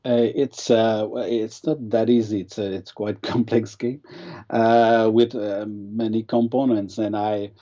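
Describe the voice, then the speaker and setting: A man's voice: lowish voice, little pitch movement, measured pace, warm tone. A man being interviewed as a game designer, talking casually and hesitantly with many restarts.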